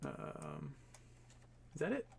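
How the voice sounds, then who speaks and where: A man's voice: takes it slowly, a little hiss or hum. A man hosting a casual livestream, rambling through commentary with lots of fillers and the odd profane aside. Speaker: livestream host.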